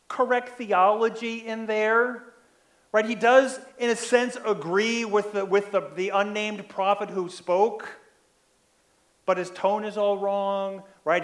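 Male pastor, high voice, conversational sermon, habitual "right?" tags. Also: fairly bright tone, roomy sound. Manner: frequent "right?" tag questions, acts out quoted lines.

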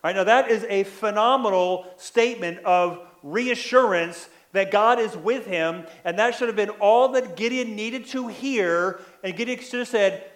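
A man's voice: sits high, measured pace, hardly any pauses, a bit bright, reverberant. A male pastor preaching a sermon, often checking in with "right?" and acting out quoted lines. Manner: frequent "right?" tag questions, acts out quoted lines.

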